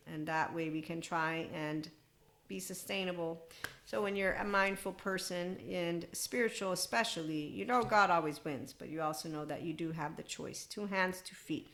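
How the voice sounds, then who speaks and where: Woman in her forties, solo podcast host; lower-pitched, rambling, irreverent. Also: normal speed, fairly bright tone. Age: 40s. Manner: rambling, irreverent, laughing asides. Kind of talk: solo spiritual self-help monologue.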